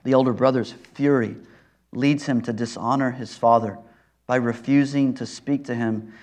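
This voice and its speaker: A man's voice: medium pitch, steady tone, moderate pace, a little mellow. A male preacher giving an earnest expository sermon, repeating phrases for emphasis.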